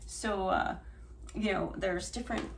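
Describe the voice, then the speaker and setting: A woman's voice: medium pitch, measured pace, gravelly. A middle-aged woman reading oracle cards in a casual spiritual chat, rambling and emotional and often trailing off and restarting. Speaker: oracle card reader. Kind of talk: casual spiritual channeling talk. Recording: far from mic, faint noise.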